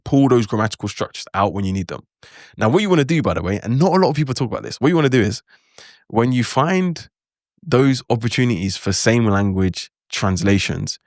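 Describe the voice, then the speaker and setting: A man's voice: fairly low pitch, no echo, clean studio sound. A man giving a casual spoken lesson on language learning, loose and chatty, full of asides and acted-out reactions. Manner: acts out his own reactions in quotes.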